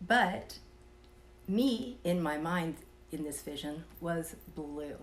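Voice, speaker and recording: A woman telling a personal story in a casual, soft-spoken way, sometimes dropping to a whisper and chuckling between thoughts. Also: sits low, expressive, slow pace. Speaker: vlogger telling a personal experience.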